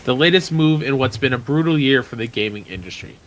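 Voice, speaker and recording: A man's voice: medium pitch, lively intonation, fast talker, slight background noise. A man co-hosting a gaming podcast, speaking bluntly and emphatically. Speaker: podcast co-host. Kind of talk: casual podcast chat.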